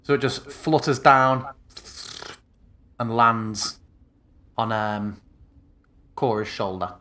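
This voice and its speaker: A man's voice: mid-range voice, takes it slowly, pushed and bright, slight background noise. Easygoing man running a tabletop game. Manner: casual, loose, with many ums while checking rules. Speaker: game master.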